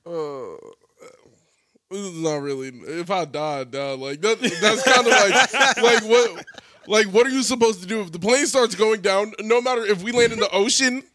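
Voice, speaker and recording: A man's voice: sits high, a little slow, bright, forceful tone, no room sound, clean studio sound. A young man in casual chat who laughs often and jokes in an easygoing way. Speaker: friend in a chat.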